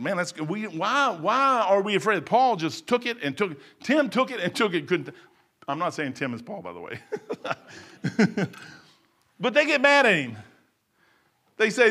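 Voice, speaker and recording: A middle-aged man preaching in a folksy, emphatic way. His voice is bright and a little high for a man, and it swings between loud bursts and low asides. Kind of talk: sermon.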